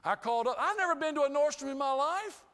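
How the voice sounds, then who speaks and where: A man giving an inspirational talk, telling a humorous story with lively, acted-out dialogue to a live audience. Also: extremely high pitch, fast. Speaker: inspirational speaker. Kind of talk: storytelling keynote speech. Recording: hall reverb.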